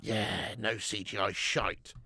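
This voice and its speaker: A man's voice: fairly low pitch, fairly even intonation, slow, gravelly, bright, forceful tone, slightly rough, no room sound. A man hosting a live football watch-along, reading the chat and chatting with viewers in a casual, sweary way, calling everyone mate and laughing often.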